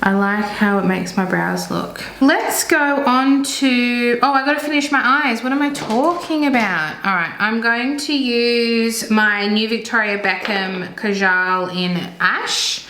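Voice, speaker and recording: A woman's voice: on the high side, a little slow, few pauses, sharp tone, echoey room, a little hiss or hum, poor audio. A young Australian woman chatting through her makeup routine as a beauty vlogger, rambling and correcting herself as she goes. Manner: rambling, self-correcting, frank. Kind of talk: chatty get-ready-with-me makeup talk.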